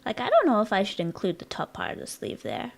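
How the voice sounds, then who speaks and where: Working on a design during a live stream, this American woman keeps up a chatty, playful, teasing banter with viewers and wanders into asides. She talks quickly in a mid-range voice whose pitch swoops wildly, with vocal fry.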